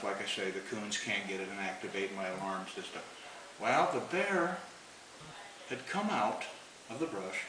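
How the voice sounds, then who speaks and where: A man telling a long story in a rambling, folksy way, chuckling as he goes. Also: mid-range voice. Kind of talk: casual spoken storytelling. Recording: roomy, distant, noisy home recording.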